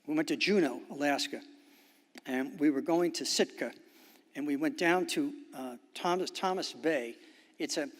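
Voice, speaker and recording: An older man giving a halting, anecdotal speech as guest of honor at a luncheon, full of fillers and restarts. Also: on the high side. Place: banquet hall. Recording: long reverb of a hall.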